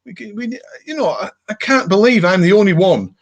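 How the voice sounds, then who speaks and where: A man's voice: high-pitched, fairly quick. Ranting man on a live stream. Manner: ranting, animated, reads viewer comments aloud. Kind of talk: casual live-stream chat.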